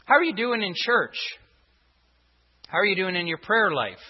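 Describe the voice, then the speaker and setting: With big swings in pitch, a high-pitched, husky pastor preaches at a moderate pace, repeatedly pressing rhetorical questions on his congregation. The audio, from a church sanctuary, is dull and reverberant.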